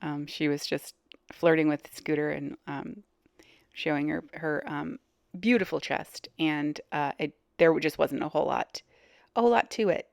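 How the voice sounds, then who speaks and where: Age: adult. Sex: woman. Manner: low, blunt commentary. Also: normal speed, creaky, darkish tone, dry recording, clean studio sound. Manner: blunt, hesitant with many ums. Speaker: reaction video host. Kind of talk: casual commentary.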